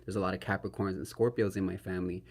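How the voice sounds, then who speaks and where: A man's voice: low voice, level tone, fast, a little mellow. A man giving a solo tarot reading to the camera. He is earnest and emotional, speaks to viewers as "y'all", often asks "right?" and talks in spiritual terms. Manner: spiritual, invokes Spirit and archangels. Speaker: tarot reader.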